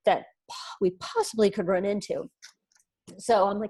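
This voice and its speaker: A woman's voice: mid-range voice, fairly even intonation, normal speed, pauses often, darkish tone. A woman in her thirties, a podcast guest, earnestly telling a personal story and acting out what people said. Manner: earnest, retells events with quoted dialogue.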